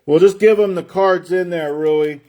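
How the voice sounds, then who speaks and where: A man with a fairly high voice hosts a live card break stream. He chats in a loose, rambling way and stretches out each player's name as he reveals it. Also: moderate pace, a little mellow. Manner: chatty, rambling, drawls out player names while opening packs.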